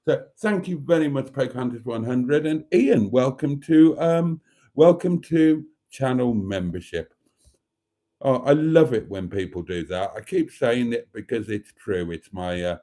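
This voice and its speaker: Mellow-voiced man hosting a livestream. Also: mid-range voice. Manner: chatty, affectionate, reads viewer comments aloud. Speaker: livestream host. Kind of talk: casual livestream chat.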